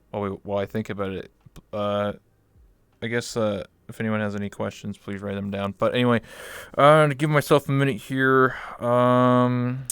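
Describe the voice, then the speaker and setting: Male host from Canada, smooth but gravelly, dry close sound, rambling casual chat. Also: mid-range voice, dry recording. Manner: rambling, filler-heavy, laughs easily. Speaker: interview host. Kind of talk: casual streamed interview chat.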